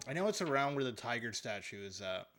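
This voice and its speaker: A man's voice: mid-range voice, very animated, fast talker, fairly bright tone. A man streams a game live, cracking jokes and answering his chat between moves. His voice swings up and down a lot as he talks. Faint game music runs behind him. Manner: joking, chatting with viewers while playing. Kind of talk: live gameplay commentary.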